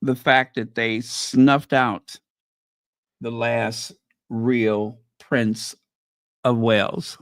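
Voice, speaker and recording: A man's voice: mid-range voice, level tone, extremely slow, pauses often, a bit bright, no room sound, clean studio sound. A man hosting a commentary channel, reading news headlines aloud and reacting to them with casual, opinionated asides.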